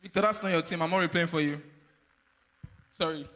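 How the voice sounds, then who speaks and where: Man, high voice, bright, teasing quiz host, reverberant hall. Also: fairly quick. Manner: teasing, animated, laughs often. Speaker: quiz game host at a workshop. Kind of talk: playful live quiz hosting. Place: event hall.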